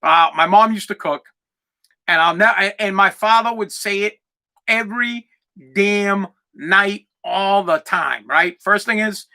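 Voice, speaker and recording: A man's voice: high-pitched, slow pace, pushed and bright. A man in his forties hosting a solo podcast, talking in an emphatic, profane, fired-up way. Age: 40s. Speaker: podcast host.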